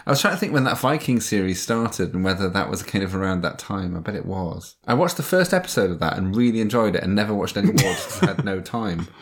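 A man co-hosting a chatty podcast, his voice rising and falling with animated intonation. He teases his co-host playfully and laughs often. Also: sits low, fast, few pauses. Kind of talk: casual chat.

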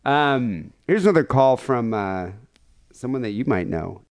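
A man's voice: mid-range voice, expressive, unhurried. A man hosting a comedy podcast, chatting casually, laughing often and swearing. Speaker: podcast host.

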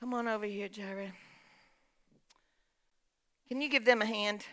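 A woman's voice: medium pitch, steady tone, a little slow, a bit bright. A woman pastor preaching a sermon in a church, emphatic, calling out to the congregation for responses. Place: church sanctuary.

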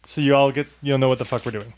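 A man's voice: medium pitch, fairly even intonation, quick pace. A man hosting a casual podcast, teasing his co-host and explaining the rules of a game.

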